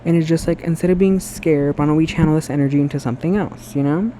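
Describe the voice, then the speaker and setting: Chatty, sassy male vlogger, a bit high and mellow, earnest ramble, phone mic in a bathroom. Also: fast, slight background noise. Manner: chatty and sassy, lots of "girl" and "like"; emotional and earnest, self-described sensitive. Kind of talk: casual rambling monologue to camera. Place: bathroom at home. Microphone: phone camera.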